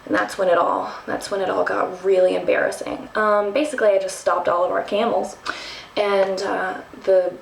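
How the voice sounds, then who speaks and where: A young woman from Texas telling a travel story to the camera, animated and self-mocking, with lots of ums and restarts. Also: medium pitch, moderate pace, vocal fry, a little hiss or hum. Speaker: vlogger. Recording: roomy, from a distance.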